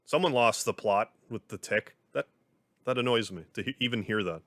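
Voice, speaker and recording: A man with a somewhat low voice comments casually on a live game stream. He rambles and fills his talk with "like". The sound is dry and close, with no room echo. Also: moderate pace, fairly bright tone. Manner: rambling, chatty, heavy use of "like". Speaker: gaming livestreamer. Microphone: desk microphone.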